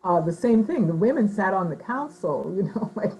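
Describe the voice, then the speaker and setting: Brief: expressive woman writer, mid-pitched, chatty interview, lots of "you know" fillers. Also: normal speed, rough recording. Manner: animated, slips into voices when quoting people; thoughtful, frequent hedging fillers. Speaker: author. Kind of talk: conversational interview answer.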